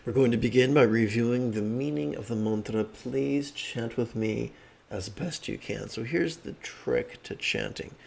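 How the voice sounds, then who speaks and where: A man, a meditation teacher, guiding a meditation with monotone mantra chanting and relaxed, joking asides. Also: medium pitch, measured pace, creaky.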